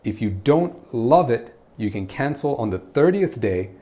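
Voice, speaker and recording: A man's voice: medium pitch, expressive, measured pace, dark tone. A man teaching an online English grammar lesson as a pronunciation coach, in a playful and teasing way.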